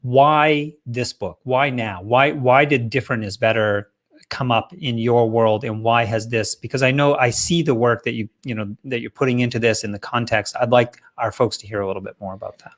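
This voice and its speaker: A man hosting an interview, speaking in a measured, appreciative way and thinking aloud as he frames his questions. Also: mid-range voice, fairly even intonation. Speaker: host and interviewer. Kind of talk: interview conversation.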